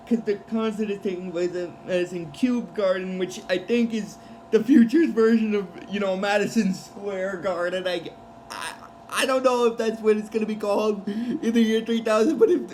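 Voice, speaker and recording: Man, high voice, casual recap vlog, rambling, lots of fillers and restarts, faint background hiss. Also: a little mellow, rough recording. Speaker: show recap vlogger.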